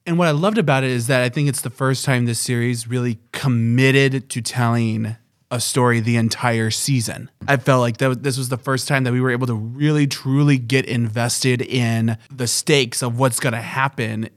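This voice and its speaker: A man's voice: medium pitch, steady tone, moderate pace, no echo, studio quality. A man co-hosting a podcast, talking things through in a thoughtful, analytical way. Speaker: podcast co-host. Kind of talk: casual chat.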